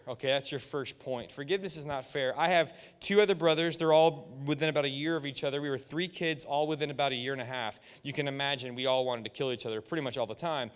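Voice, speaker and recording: A man in his thirties preaching to a youth group, telling lively stories and acting out quotes. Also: a little high, clean tone. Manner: animated storytelling with jokes and voiced quotes. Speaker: youth pastor. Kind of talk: sermon. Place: church youth room. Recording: echoey hall with long reverb.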